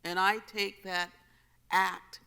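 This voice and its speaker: A woman poet speaking on a festival panel, earnest, emphatic and expressive. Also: mid-range voice, slow, vocal fry, smooth. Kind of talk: panel conversation. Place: festival stage.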